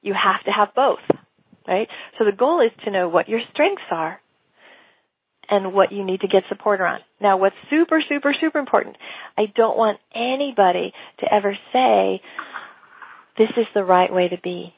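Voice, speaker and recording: A woman business coach teaching in a casual, animated way, often acting out quoted dialogue and laughing. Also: medium pitch, moderate pace, breathy edge, no echo. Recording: tinny phone-like sound.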